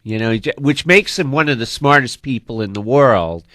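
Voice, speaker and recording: A man's voice: medium pitch, lively intonation, moderate pace, fairly bright tone, no room sound, clean studio sound. A man co-hosting a movie talk show, thinking aloud and searching for words as he goes. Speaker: co-host.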